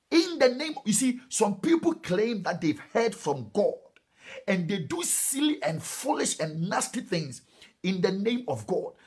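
A middle-aged Ghanaian man preaching a sermon, emphatic and animated, with sudden high exclamations. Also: slightly rough. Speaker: pastor.

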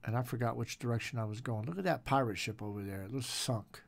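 A man's voice: medium pitch, fast, gravelly. A man casually commenting on a game he is playing, joking around and tossing in pirate growls. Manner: jokey, playful, growls pirate noises. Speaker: gaming channel host.

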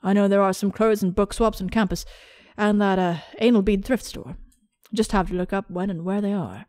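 A woman's voice: medium pitch, normal speed, darkish tone, no echo, lightly acted. A woman voicing a polite, self-important young male dorm leader in a video game, formal and dry.

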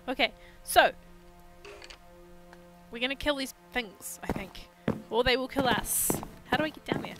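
A woman's voice: high-pitched, measured pace, long pauses. A woman hosting a video game let's play with casual, playful commentary, now and then slipping into mock pirate talk. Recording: loud background music.

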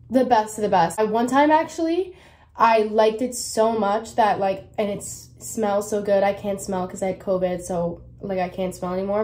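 A woman's voice: mid-range voice, a little mellow, a little hiss or hum. A young woman chatting casually through a hair tutorial as a beauty vlogger, rambling and self-mocking with lots of fillers. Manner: drifts into whispering at times.

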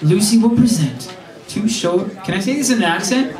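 A man's voice: high-pitched, expressive, normal speed. A man hosting a reading in a bar, casual and joking, rambling with many fillers. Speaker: host of a reading series. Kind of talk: casual stage introductions. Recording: echoey room, far from the mic. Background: crowd in a bar.

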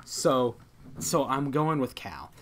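A young man hosting a podcast, telling a story in casual chat, animated and laughing, full of fillers. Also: medium pitch, slow pace, slight background noise. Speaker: podcast host.

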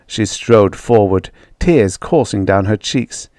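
A man's voice: lowish voice, darkish tone, dry recording, clean studio sound. A man narrating a vintage science fiction story as an audiobook reader. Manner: slow, measured reading. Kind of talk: scripted narration.

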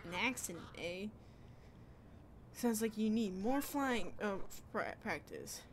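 A woman's voice: mid-range voice, lively intonation, takes it slowly, a little hiss or hum. A woman voicing a smug, teasing crow as she reads game dialogue aloud, mocking and drawn out. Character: smug teasing crow, cocky street bird.

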